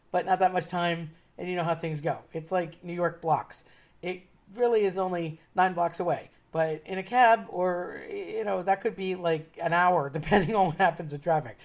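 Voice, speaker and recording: Woman, low voice, casual anecdote, chatty, laughs while talking. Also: darkish tone. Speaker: storyteller.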